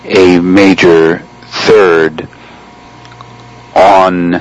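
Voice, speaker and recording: A man teaching liturgical chant in a measured, explanatory way, pausing often between phrases. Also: deep voice, level tone, lo-fi sound. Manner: measured, explanatory, with frequent pauses. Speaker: chant instructor. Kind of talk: spoken lesson on chant.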